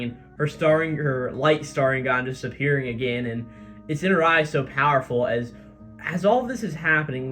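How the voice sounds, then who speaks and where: A man's voice: mid-range voice, a bit bright. A man casually recapping a comic chapter in a chatty, filler-heavy way. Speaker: manga recap host.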